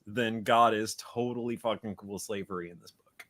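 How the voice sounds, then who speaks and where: Mocking low-voiced male panelist. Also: steady tone, normal speed, a bit bright. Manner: mocking, emphatic, swears. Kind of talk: casual panel chat.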